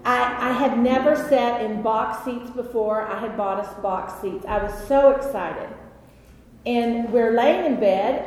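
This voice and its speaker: A woman's voice: fairly high pitch, measured pace. Chatty woman teaching in an echoey hall. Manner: animated storyteller, chatty with many fillers. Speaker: Bible study teacher. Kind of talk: conversational Bible study teaching. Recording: echoey hall with long reverb, faint noise.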